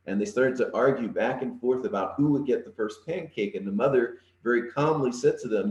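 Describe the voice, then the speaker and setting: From a home setup, a middle-aged interim minister delivers a gentle, reflective online sermon, pausing often and using fillers. His voice is fairly low in pitch and sounds reverberant.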